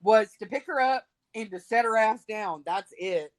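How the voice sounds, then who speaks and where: A woman, chatting casually and telling profane, animated stories. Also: medium pitch, normal speed. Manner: profane, animated storytelling with acted quotes. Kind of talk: casual chat.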